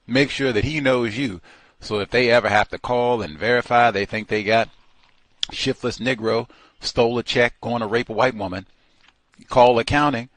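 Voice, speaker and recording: A man hosting a call-in radio show, talking in a slow, deliberate and emphatic way. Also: mid-range voice, fairly bright tone, no room sound.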